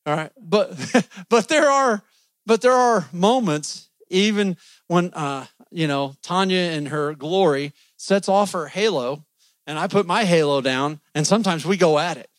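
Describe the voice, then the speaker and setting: Folksy male preacher, high-pitched, joking sermon delivery, dry recording. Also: measured pace, dry recording. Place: church.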